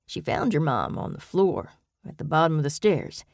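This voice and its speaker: A woman reading an audiobook voices a steady male police officer who speaks in a soothing, patient, measured way. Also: low voice, gravelly, no echo, clean studio sound, exaggerated voice. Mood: calm.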